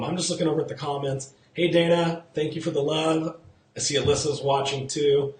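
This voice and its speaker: A man's voice: a little high, fast, roomy sound. A man in real estate hosting a live-streamed market talk, chatty, repeating key figures and quizzing his viewers. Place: outdoors in the sun.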